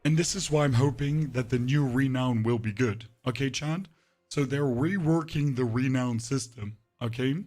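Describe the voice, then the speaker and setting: Man streaming with a strained deepened voice. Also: normal speed, darkish tone, soft background music. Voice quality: voice pushed deeper than usual, less emphasis. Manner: chatty, rambling, talks to chat while playing. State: voice sounds off, hoarse. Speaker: game streamer. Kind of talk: live gameplay commentary to chat.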